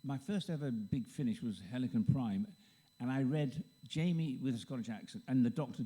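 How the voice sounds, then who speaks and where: A man on a convention panel telling a lively anecdote. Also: medium pitch, fairly quick, husky. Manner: lively storyteller who acts out quotes. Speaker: convention panel guest, actor. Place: convention hall stage.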